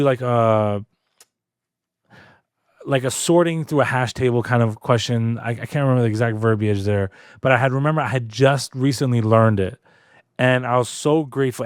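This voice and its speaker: A man co-hosting a podcast, telling a story in a casual, animated way with lots of fillers. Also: mid-range voice, clear, resonant tone, no room sound, clean studio sound. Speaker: podcast co-host. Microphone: podcast studio mic.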